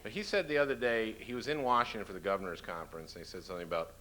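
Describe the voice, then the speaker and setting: A fairly low-voiced man from Minnesota takes questions at a talk, joking in a dry, halting way with plenty of "uh"s. The recording carries a steady layer of hiss and noise. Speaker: author speaking at a talk. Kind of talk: comic Q&A talk. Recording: noisy lecture-hall recording.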